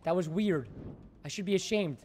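A man with a high-pitched voice talks through a game on a casual livestream. He is excitable and jokey, and shouts when frustrated. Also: normal speed, a little hiss or hum. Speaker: gaming livestreamer. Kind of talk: casual gaming livestream commentary.

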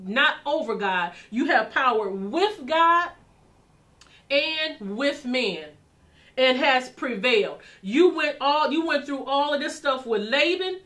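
Bright high-voiced woman preaching passionately. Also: lively intonation, slow pace. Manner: passionate, building and repeating phrases. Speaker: minister. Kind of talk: sermon.

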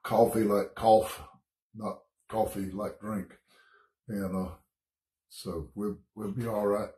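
Folksy pastor with a cough, echoey room. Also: male voice, fairly low pitch, steady tone, slow pace, dark tone. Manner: folksy, chatty, reads scripture aloud. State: coughing, slightly sick. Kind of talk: informal Bible study teaching. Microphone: streaming setup, morning online study.

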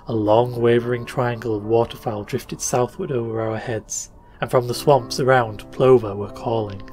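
A man's voice: mid-range voice, steady tone, normal speed, darkish tone. Man narrating a classic tale. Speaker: podcast narrator. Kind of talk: scripted storytelling narration. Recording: faint music bed under voice.

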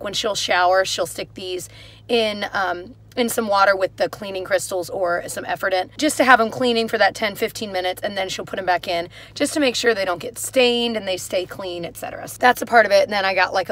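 A woman's voice: medium pitch, fairly bright tone. A young woman talking casually to her viewers in a chatty, rambling way. She has a slight lisp and fills her sentences with little asides. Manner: chatty, openly nervous, lots of "like" fillers. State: slight lisp from new aligners. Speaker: vlogger. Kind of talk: casual vlog to camera.

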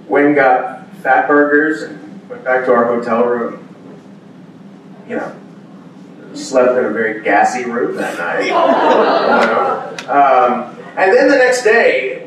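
A man on a convention panel spins animated stories, acting out the exclamations of the people in them. His voice comes from a distance in a big, echoey hall. A faint hum of ambience sits underneath. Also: mid-range voice. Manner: animated storyteller, acts out quoted exclamations. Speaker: voice actor guest at a convention panel. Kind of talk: casual storytelling Q&A. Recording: echoey hall audio from far off.

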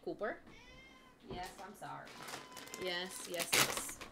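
Slow-talking woman streamer. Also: on the low side, creaky, heavy background noise. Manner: chatty, swears often, talks to her pets. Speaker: gaming streamer. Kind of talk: casual livestream chat. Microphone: headset.

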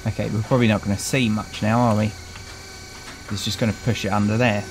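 Over background noise, a British gaming host talks fast in a lowish, level voice while playing through a game. His let's-play commentary is casual, chatty and wry, and he greets the characters he meets.

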